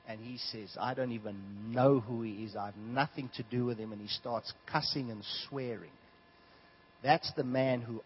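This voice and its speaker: Animated man preaching a sermon. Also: medium pitch, normal speed, slight background noise. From South Africa. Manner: animated storytelling, swings from hushed to loud. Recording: dull lo-fi sound.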